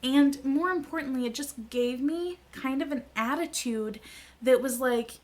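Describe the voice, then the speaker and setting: A woman's voice: sits high, unhurried. A woman in her thirties telling a personal story to camera in a chatty, candid vlog, laughing easily. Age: 30s. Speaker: vlogger.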